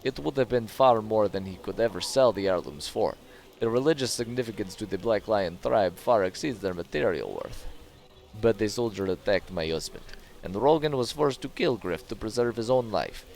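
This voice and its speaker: A man's voice: on the low side, expressive, normal speed, vocal fry, a little mellow. A man voicing a proud, worried tribal wife in a video game, reading her lines plainly and earnestly in his own voice.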